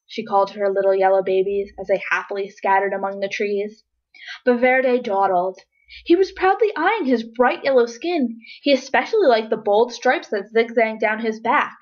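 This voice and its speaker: A woman's voice: on the high side, normal speed. Woman reading a children's storybook aloud. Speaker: storybook reader. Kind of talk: children's picture-book read-aloud. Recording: dull lo-fi recording.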